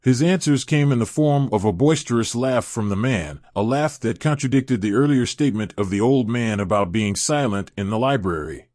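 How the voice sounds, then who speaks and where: A man reading fan fiction aloud in steady scripted narration. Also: medium pitch, normal speed, hardly any pauses, dry recording, studio quality.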